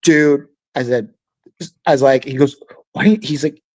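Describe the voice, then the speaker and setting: A man's voice: medium pitch, moderate pace, a little mellow. A man co-hosting a podcast, telling a story in casual chat, laughing often and acting out what other people said. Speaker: podcast co-host.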